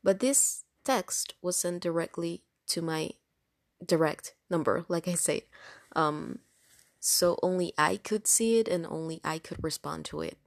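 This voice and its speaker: A woman's voice: fairly low pitch, a little slow, vocal fry, dry recording, clean studio sound. A woman telling a story in casual chat, rambling along with lots of fillers. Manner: chatty, rambling with many fillers. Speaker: storytime vlogger.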